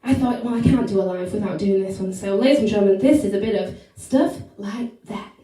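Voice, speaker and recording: A woman's voice: medium pitch, fairly quick, warm tone. A woman singer and performer introducing songs in a bubbly, chatty way, talking straight to her audience during a live stream. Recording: very echoey room, mic at a distance, backing music.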